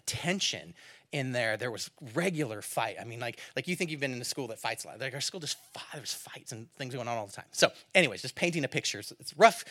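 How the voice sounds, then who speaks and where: A man preaching a sermon to a congregation, telling a personal story and building to loud, animated calls to the listeners. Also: medium pitch. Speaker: pastor.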